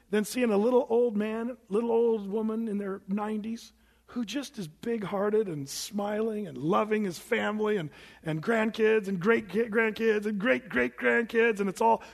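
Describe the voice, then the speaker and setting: High-voiced man preaching in a reverberant hall. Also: moderate pace, vocal fry. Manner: conversational preaching with lively asides and acted-out quotes. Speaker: pastor. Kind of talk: sermon.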